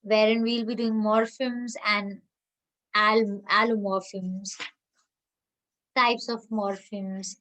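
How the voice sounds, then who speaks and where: A woman college lecturer with an Indian English accent, giving an emphatic, opinionated classroom lecture and slowing down to stress key terms. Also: medium pitch, flat delivery, sharp tone, poor audio.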